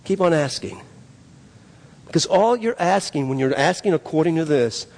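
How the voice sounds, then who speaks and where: A man's voice: on the high side, animated, normal speed, a little mellow. A man preaching a sermon as pastor, emphatic and repetitive, with frequent restarts. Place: church sanctuary. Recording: long reverb of a church hall.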